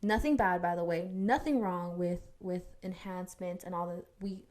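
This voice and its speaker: A woman's voice: on the low side, moderate pace, a little mellow. A young woman co-hosting a podcast, telling a personal story in a candid, casual way with fillers and restarts. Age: young adult. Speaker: podcast co-host. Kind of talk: casual chat.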